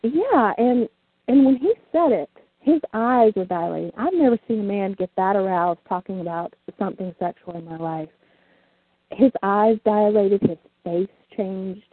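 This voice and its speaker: A woman's voice: mid-range voice, lively intonation, moderate pace, no echo. A woman telling frank, bawdy stories in casual chat, laughing often. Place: small southern town. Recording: tinny phone line, dry.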